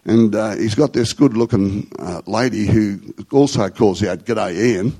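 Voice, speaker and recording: A man's voice: on the low side, measured pace, dark tone, slightly rough, poor audio. Rambling Australian man telling stories. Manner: rambling conversational storytelling with slang. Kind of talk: anecdotal talk to a group.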